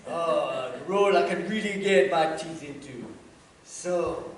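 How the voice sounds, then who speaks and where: A man's voice: a little high, crowd noise, lightly acted. An actor playing a flamboyant, theatrical French actor with a put-on French accent, drawing out his words with laughing flourishes. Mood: gushing. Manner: slow, drawn-out, laughing flourishes. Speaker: actor in a stage comedy. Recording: echoey stage from far off with noise.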